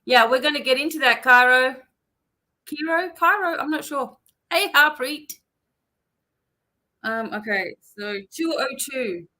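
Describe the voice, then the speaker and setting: A woman's voice: sits high, a little slow, pushed and bright, low-quality recording. An Australian woman hosting a live psychic-reading stream, chatting casually and reading out viewers' names and places.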